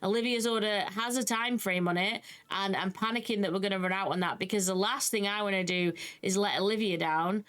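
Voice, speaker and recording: A young British woman giving casual, animated commentary on a video game she is playing, with exasperated asides. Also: mid-range voice, brisk, hardly any pauses. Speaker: gaming YouTuber. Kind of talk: casual let's-play commentary.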